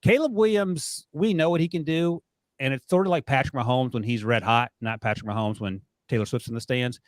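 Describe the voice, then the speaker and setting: Podcast host, man, teasing banter, mid-pitched voice, dry close sound. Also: fairly quick, no room sound. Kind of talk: casual podcast chat.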